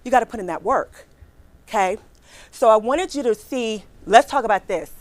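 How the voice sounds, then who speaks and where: Woman coaching a crowd, keeps asking right? okay?, repeats herself for emphasis, middle aged, voice a bit high. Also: lively intonation, moderate pace, no echo. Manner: acts out quotes with a bright smile in her voice. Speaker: career talent sourcer giving a workshop talk. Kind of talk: lively motivational workshop talk to an audience. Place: large room or hall with a live audience.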